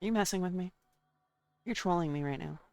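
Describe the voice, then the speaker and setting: A woman's voice: fairly low pitch, fairly quick, gravelly, darkish tone, dry recording, soft background music. A woman streaming a game and chatting casually, rambling from one thought to the next and talking to her chat and herself.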